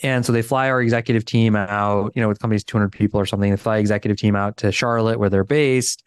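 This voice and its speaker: A man's voice: fairly low pitch, quick pace, clean tone, no echo. A middle-aged man, a podcast guest, telling a story in a casual interview and acting out the voices of the people in it. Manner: animated storyteller, acts out quotes.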